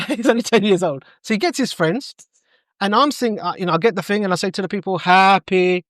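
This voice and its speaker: A middle-aged coach, appearing as a podcast guest, tells stories in a high-pitched voice and talks fast. He animates each anecdote by acting out the quoted dialogue, keeping the tone of a conversational interview. The recording is studio quality with no echo.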